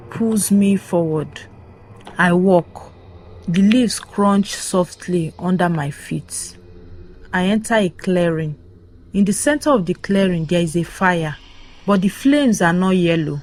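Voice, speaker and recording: A woman's voice: on the low side, darkish tone. A woman narrating a first-person horror story in short, dramatic, tense sentences.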